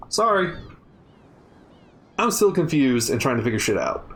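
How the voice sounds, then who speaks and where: A woman's voice: deep voice, sing-song, a little slow, pauses often. A woman streamer casually commenting on a game in a wry, offhand, joking way.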